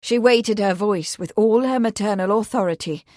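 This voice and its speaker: A woman reading a mystery novel aloud in an expressive, clear way. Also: medium pitch, moderate pace, no echo, clean studio sound. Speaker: audiobook reader. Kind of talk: scripted narration.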